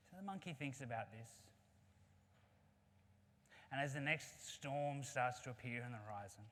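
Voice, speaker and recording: Brief: earnest keynote speaker, conversational storyteller, long reverb of a big hall. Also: male voice, mid-range voice, normal speed, long pauses, bright, forceful tone. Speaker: conference speaker.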